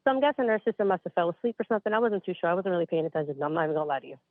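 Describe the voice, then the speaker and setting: A woman's voice: on the low side, lively intonation, rapid-fire, no echo. A woman in her late twenties from upstate New York, a caller telling a spooky story in a chatty way, a bit out of breath. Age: late 20s. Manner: chatty, addresses listeners as you guys. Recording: dry tinny phone line.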